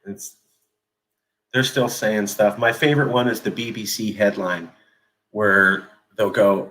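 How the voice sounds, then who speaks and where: A man's voice: fairly low pitch, fairly even intonation, measured pace, long pauses, fairly bright tone. A man hosting an online panel discussion, talking passionately and hammering points through repetition. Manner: passionate, emphatic, repeats his points. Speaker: host. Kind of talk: animated online panel talk.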